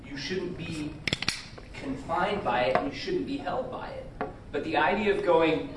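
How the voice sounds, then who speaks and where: Quiet man heard from across a roomy space. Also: on the high side, measured pace. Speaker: study group participant. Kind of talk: group discussion. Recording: distant, roomy, noisy background.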